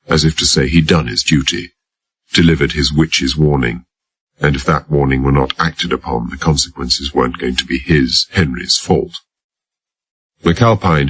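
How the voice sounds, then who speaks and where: Male audiobook reader, extremely deep and husky, dry close sound, measured delivery. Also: fairly bright tone, no room sound. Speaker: audiobook narrator. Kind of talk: scripted narration.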